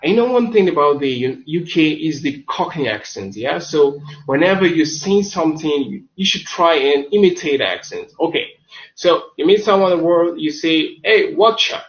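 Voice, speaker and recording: Male tutor, fairly high voice, casual webinar delivery, dull lo-fi sound. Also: expressive, normal speed. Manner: chatty, loose, self-correcting, says the same word several times over. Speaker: online English teacher. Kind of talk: webinar lesson on slang.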